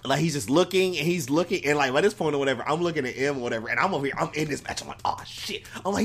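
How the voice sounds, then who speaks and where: A man's voice: a little high, expressive, racing, hardly any pauses, fairly bright tone, husky. Rambling, profane casual man. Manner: rambling, profane, laughs often. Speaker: podcast co-host. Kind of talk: casual chat recapping wrestling.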